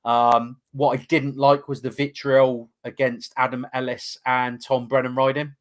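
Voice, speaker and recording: A man's voice: mid-range voice, level tone, measured pace. A man co-hosting a casual fan podcast, rambling and enthusiastic with lots of fillers. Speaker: podcast co-host.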